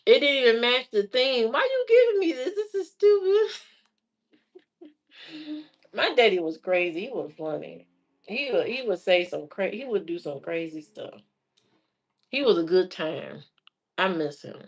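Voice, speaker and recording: A woman vlogger telling stories casually, with a lively voice that rises and falls a lot. Her talk is chatty and animated. She laughs often as she goes. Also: lowish voice, normal speed, vocal fry. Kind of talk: casual storytelling.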